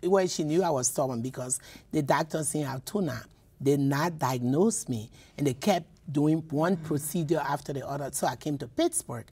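A woman's voice: deep voice, normal speed, mellow, husky. A woman from Liberia, a poet and professor, telling personal stories in a radio interview, with many repeats and restarts. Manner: emotional, repeats words, restarts often.

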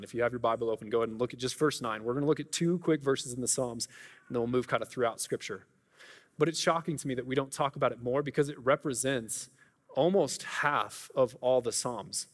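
In a reverberant church sanctuary, a pastor with a brisk, mid-range voice preaches in a conversational, earnest manner. He keeps restarting his sentences.

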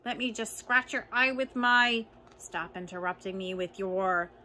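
A woman's voice: mid-range voice, a little slow, bright, forceful tone, a little hiss or hum. Woman voicing an outraged house cat in the bath. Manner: shrieking, sputtering threats. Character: furious house cat being given a bath.

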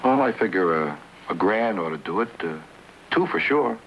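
An actor playing a nervous, pleading brother-in-law in debt who stammers, in a 1960s TV drama on a dull old soundtrack with hiss. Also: male voice, low voice, lively intonation, normal speed.

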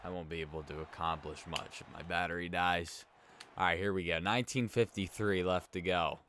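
Sleepy, deep-voiced young male gamer. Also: fairly even intonation, brisk, sharp tone, slight background noise. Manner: laid-back, mumbly, reacting aloud to play. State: sleepy, yawning. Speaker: let's play gamer. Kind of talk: casual gameplay commentary.

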